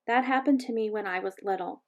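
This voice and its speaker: A woman voicing a shy schoolgirl who speaks gently and quietly. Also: medium pitch, a little fast, dull audio, natural voice. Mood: whispering. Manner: gentle, hushed. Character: shy, soft-spoken schoolgirl.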